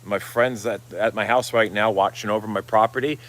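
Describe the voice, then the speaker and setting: A man's voice: on the low side, steady tone, brisk. A middle-aged man hosting a casual live stream, rambling, swearing freely and reading out viewer comments. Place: Florida, outdoors.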